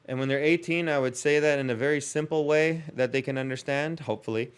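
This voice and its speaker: A man's voice: a little high, fast talker, smooth. A man in his thirties hosting a comedy podcast, telling rambling, self-mocking stories and chuckling at his own mishaps. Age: 30s.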